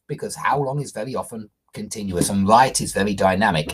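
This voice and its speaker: Husky-voiced woman teaching English grammar. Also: a bass voice, fast, few pauses. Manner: reads example sentences aloud then explains them. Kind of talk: live online grammar lesson.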